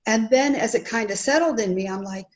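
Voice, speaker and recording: A middle-aged woman sharing a personal faith testimony in conversation, earnest and lively, acting out remembered dialogue. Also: on the high side, fairly quick, dull audio. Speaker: guest sharing her testimony. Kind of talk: conversational storytelling.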